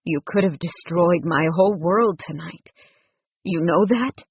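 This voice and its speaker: A woman voicing a gruff, tender rancher man. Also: on the low side, unhurried, no room sound, highs cut off. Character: gruff protective male rancher, young adult.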